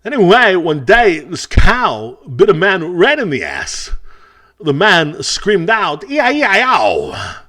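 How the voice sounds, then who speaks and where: A man impersonating an eerie older film actor telling a story in a slow, oddly halting deadpan. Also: sits high, pitched above the performer's own voice, full character voice.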